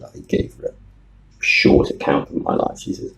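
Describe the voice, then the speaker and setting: A man's voice: mid-range voice, wildly swooping pitch, normal speed, gravelly, a bit bright, highs cut off. A man, an online English teacher, telling wry, rambling anecdotes about his students in a casual vlog. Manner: wry, rambling storyteller with many ums.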